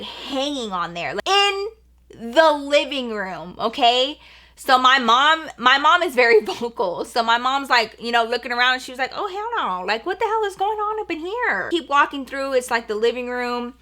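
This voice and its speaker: A young woman vlogger with a bright, slightly high voice retells a story in a chatty, animated way, full of fillers. She slips into quoting other people's lines as she goes. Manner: acts out quoted voices of her mom. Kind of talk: storytime vlog.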